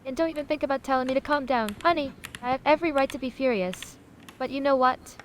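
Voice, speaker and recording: High and quick, close to an everyday voice, this text-to-speech woman has a little hiss or hum behind her. She voices a sassy, self-important sausage chatbot, condescending and dramatic in a haughty way, calling everyone honey.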